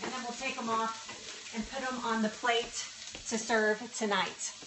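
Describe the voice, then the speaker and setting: A woman's voice: a little high, steady tone, unhurried, background noise. A woman hosting a live cooking stream from her home kitchen, chatting with viewers and talking to the food as she cooks. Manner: chatty and bubbly, talks to food and thanks viewers warmly. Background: faint sizzling and stirring of cooking.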